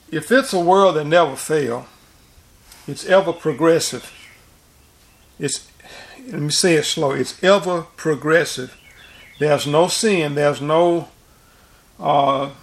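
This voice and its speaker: A man's voice: on the high side, vocal fry, fairly bright tone. A man preaching informally and recounting a dream, rambling with frequent restarts and repeated words. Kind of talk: informal sermon and dream testimony.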